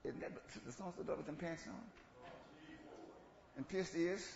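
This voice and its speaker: Man preacher, higher voice, echoey lo-fi church recording, dramatic shifts from shouting to quiet asides. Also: moderate pace, creaky, a little hiss or hum. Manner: swings from shouting to low asides, laughs between lines. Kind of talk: sermon. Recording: echoey church room, dull lo-fi sound.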